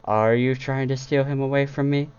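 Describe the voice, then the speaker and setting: A man's voice: medium pitch, fairly even intonation, moderate pace, a little mellow, clean tone, voice pushed up, lightly acted. A man voicing a regal, motherly princess pony who teases her son, recorded on a dull lo-fi setup.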